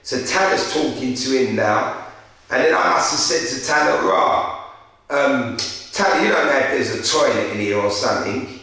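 Young London man, interviewer, animated street storyteller; bright voice, heard from a distance. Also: medium pitch, moderate pace. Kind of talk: casual storytelling. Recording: very echoey room, far from mic.

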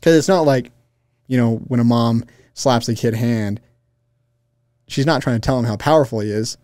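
A man co-hosting a podcast in casual spiritual talk, telling stories with lively acted-out quotes. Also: normal speed, clean tone, dry recording, studio quality. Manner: animated storyteller, jumps into high mimicking voices. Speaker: podcast co-host.

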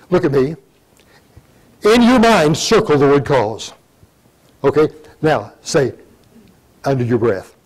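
An older man giving a sermon, reading scripture in old-fashioned wording and breaking into sudden loud emphatic rises. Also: on the high side, expressive, takes it slowly, pauses often, poor audio. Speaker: pastor.

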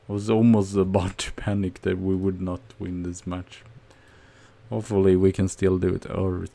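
Gravelly, slow-talking male game streamer. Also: sits low. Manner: nervous, excitable play-by-play with outbursts. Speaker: gaming streamer. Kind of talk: casual game commentary.

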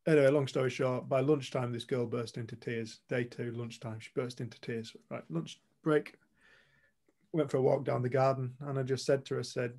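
A man's voice: medium pitch, steady tone, moderate pace, creaky, darkish tone. A man co-hosting a retreat, telling a story to a group in a blunt, earnest way and swearing casually. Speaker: retreat co-host. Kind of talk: candid storytelling talk to a group.

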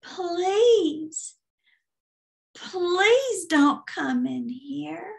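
A woman voicing a small demon that begs in a squeaky voice like an old iron door. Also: lively intonation, very slow, gravelly, heavily acted. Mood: pleading. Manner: begging, pleading.

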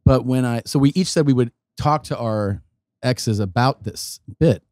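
A man's voice: medium pitch, unhurried, darkish tone, no echo, clean studio sound. A middle-aged man, a guest comedian, telling stories in casual podcast chat, acting out other people's lines, swearing and laughing as he talks.

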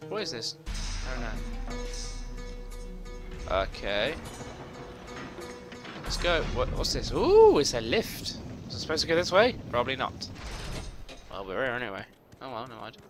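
A man giving profane, excitable gameplay commentary, talking to himself as he plays, with game music behind. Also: medium pitch, moderate pace, long pauses. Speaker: gamer playing a video game.

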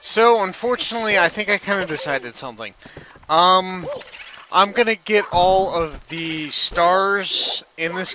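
A man with a fairly high voice talks through his gameplay at an easygoing, unhurried pace, chatty and amused with himself. Video game music plays clearly underneath. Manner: chatty, self-amused, thinking aloud. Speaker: let's play host. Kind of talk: casual gameplay commentary.

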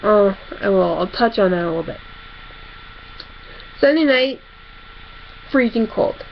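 A woman's voice: mid-range voice, animated, measured pace, muffled recording, slight background noise. A woman vlogger, chatting casually in a rambling, self-correcting way. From upper Midwest of the United States. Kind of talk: casual chat.

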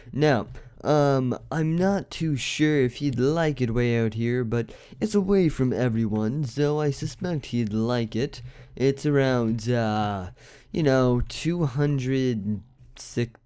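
A man's voice: mid-range voice, dark tone, clean tone. A man giving casual game commentary, rambling with many fillers and restarts. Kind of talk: casual let's-play commentary.

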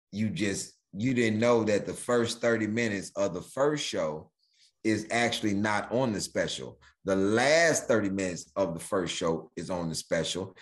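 A man, a stand-up comedian chatting as a podcast guest and acting out bits with sudden jumps in pitch. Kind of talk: animated storytelling chat.

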